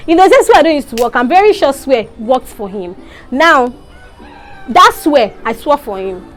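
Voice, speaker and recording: A young woman with a Nigerian accent recounts her story in an animated, indignant vlog voice. Her speech sits high and swings widely in pitch. Faint music plays quietly underneath. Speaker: vlogger.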